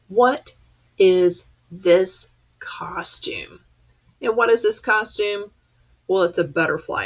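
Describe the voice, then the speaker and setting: Gravelly, husky lady teacher talking slow and patient to little kids, dull lo-fi webcam sound. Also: medium pitch. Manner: patient, encouraging, sounds out letters slowly. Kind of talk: reading lesson for young children. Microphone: webcam or computer mic.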